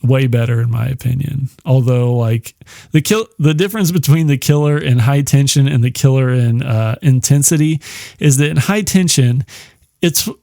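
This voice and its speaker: A man's voice: medium pitch, normal speed, gravelly, warm tone, no echo, clean studio sound. A man hosting a podcast, rambling casually and profanely through a film comparison, chuckling often and using lots of fillers. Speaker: podcast host.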